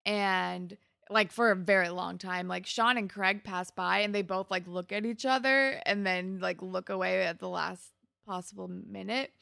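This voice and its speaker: A young woman chats through a TV episode, often laughing and mimicking characters. Her mid-pitched voice has a gravelly fry, and the sound is dry and close. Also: fairly even intonation, moderate pace, pushed and bright, no room sound. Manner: chatty, laughs often, acts out quotes. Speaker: podcast co-host. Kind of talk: casual TV recap chat.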